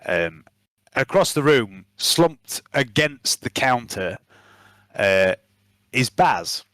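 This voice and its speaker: A man's voice: mid-range voice, very animated, drawn-out words, fairly bright tone, dry recording. Man running a tabletop game. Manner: casual, filler-heavy narration. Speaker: game master.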